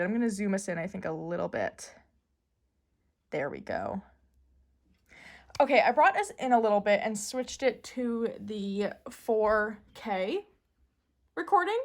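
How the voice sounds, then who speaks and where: A woman in casual, excitable chat, gushing and giggling as she shows off a new deck. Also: mid-range voice. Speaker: tarot deck reviewer.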